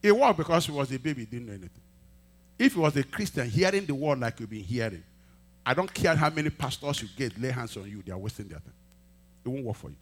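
A male pastor preaching a sermon, telling a testimony and acting out the dialogue, swinging from quiet asides to loud emphatic peaks. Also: medium pitch, lively intonation, quick pace, slightly rough. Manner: acts out quoted dialogue in storytelling.

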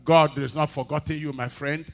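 A male pastor preaches a sermon, relating a testimony and acting out its dialogue, his medium-pitched, slightly rough voice swinging from quiet asides to loud, emphatic peaks. He speaks briskly and expressively.

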